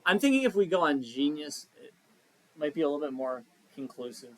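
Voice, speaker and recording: A man's voice: a little high, very animated, a little fast, fairly bright tone. A man hosting a podcast in casual chat, joking and laughing often. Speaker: podcast host.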